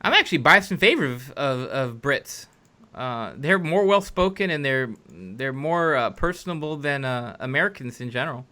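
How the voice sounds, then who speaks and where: A man hosting a podcast, chatting earnestly and reading out listener questions, often halting and restarting. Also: medium pitch, sing-song, bright, forceful tone. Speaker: podcast host.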